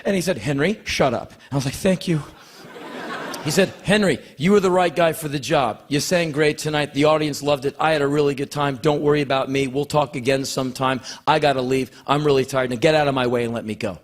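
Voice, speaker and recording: Animated male spoken-word storyteller. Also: on the high side, fairly quick. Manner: animated, acts out quoted voices; rambling, repeats words when emotional.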